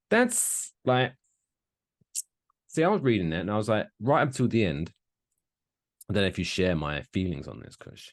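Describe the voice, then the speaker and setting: An animated man in his thirties, chatting on a podcast with a lowish voice that swings widely in pitch. He talks casually, swearing freely and joking along. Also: moderate pace, long pauses, no room sound, studio quality. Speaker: podcast co-host.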